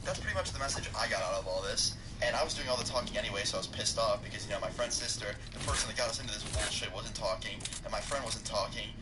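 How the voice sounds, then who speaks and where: Fast-talking young man telling a story. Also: fairly low pitch. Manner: profane, rambling, joking. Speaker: storytime vlogger. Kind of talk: casual storytelling. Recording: clear background noise.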